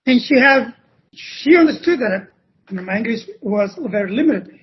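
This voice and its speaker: A Spanish-speaking man from Cuba with a Cuban Spanish accent, a podcast guest telling stories in a halting way that often restarts phrases. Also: very high-pitched, expressive. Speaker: podcast guest, former ballet dancer. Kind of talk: conversational interview storytelling. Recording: dull lo-fi podcast audio.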